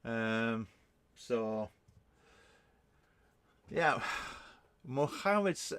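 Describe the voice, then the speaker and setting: A man's voice: mid-range voice, animated, extremely slow, a bit bright, a little hiss or hum. A man, a reviewer hosting a casual live stream, answering viewers in a rambling, chatty way with many ums and restarts.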